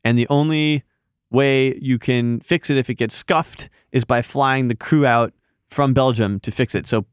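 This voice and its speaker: A man's voice: mid-range voice, a little slow, clear, resonant tone, no echo, clean studio sound. A man, a magazine editor, telling a rambling story in casual podcast chat, full of fillers and restarts.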